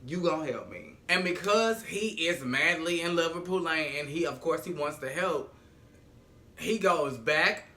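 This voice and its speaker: Sassy guy recapping a show, cussing, high bright voice. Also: measured pace. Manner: sassy, profane, dramatic. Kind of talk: casual episode recap.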